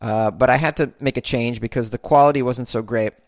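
A man's voice: medium pitch, fairly even intonation, dry recording, clean studio sound. A man hosting his own podcast, chatting casually and self-deprecatingly as he answers listener comments. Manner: rambling, self-deprecating, with halting restarts. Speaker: podcast host.

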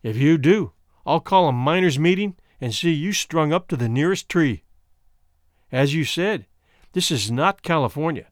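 Man voicing a calm scheming husband, soothing, ironic, mercenary, lively pitch, dry sound. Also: normal speed, no room sound, lightly acted. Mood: cool defiant. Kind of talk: audiobook character voice.

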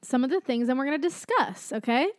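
A woman's voice: high voice, fast, dry recording, clean studio sound. A woman co-hosting a podcast in casual chat, reading topics aloud and telling stories with quoted voices. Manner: animated storyteller who mimics conversations. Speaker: podcast co-host.

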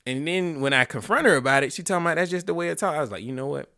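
Animated bright-voiced man telling a story. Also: fairly high pitch, very fast, no room sound, clean studio sound. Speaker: podcast co-host. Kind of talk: casual chat.

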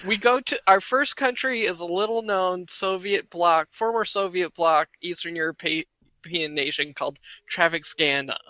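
A man's voice: high-pitched, moderate pace, pushed and bright, no echo, low-quality recording. A man co-hosting a podcast in casual chat, making dry, joking comebacks. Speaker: podcast co-host.

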